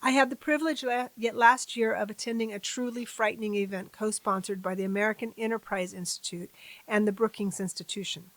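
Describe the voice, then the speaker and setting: A woman hosting a civics channel, reading a formal testimony aloud at a deliberate pace and breaking off for chatty asides to her viewers. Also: mid-range voice, steady tone, no room sound, rough recording.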